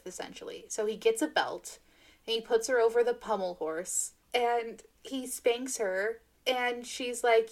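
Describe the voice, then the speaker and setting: A woman's voice: on the high side, a little slow. A young woman co-hosting a book podcast, retelling scenes with lots of laughter and "like" fillers. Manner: giggly, animated retelling with "like" fillers. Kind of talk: casual book chat.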